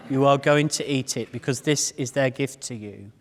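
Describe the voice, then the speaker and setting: Man, public speaker, animated self-deprecating storyteller, long hall reverb. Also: mid-range voice, normal speed. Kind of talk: humorous storytelling talk. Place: large hall before a live audience.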